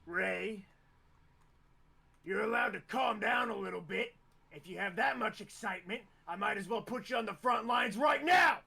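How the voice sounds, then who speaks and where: Gruff male drill instructor, as a game master puts him on, clipped and commanding. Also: on the high side, fairly even intonation, measured pace, sharp tone, full character voice. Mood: stern. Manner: threatening, clipped orders.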